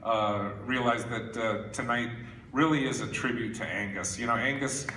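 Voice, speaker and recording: A man's voice: mid-range voice, normal speed. A man introducing his film to a theater audience in a casual, chatty way. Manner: chatty, quizzing the crowd. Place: large cinema theater. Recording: echoey theater, distant mic, loud crowd noise.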